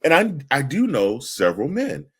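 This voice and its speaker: A man's voice: mid-range voice, huge pitch swings, normal speed, slightly rough. A man co-hosting a podcast, asking questions and chatting casually with frequent restarts. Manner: conversational, asks questions, hesitant restarts. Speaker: podcast co-host. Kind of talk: casual chat.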